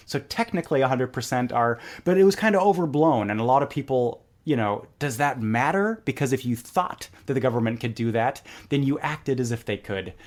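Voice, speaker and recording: A man as a podcast guest, telling stories in a relaxed conversational way and acting out quoted lines. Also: mid-range voice. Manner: animated, acts out quoted lines in a joke. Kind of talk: conversational storytelling.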